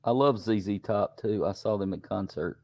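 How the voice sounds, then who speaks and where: A man's voice: lowish voice, a little fast, darkish tone. A man co-hosting a podcast, making dry jokes in casual chat. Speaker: podcast co-host.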